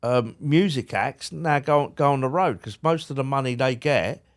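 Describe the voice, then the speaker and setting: Male podcast guest, mid pitch, casual anecdote-teller who trips over words. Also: moderate pace. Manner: chatty, repeats words when starting, colloquial. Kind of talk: casual storytelling chat.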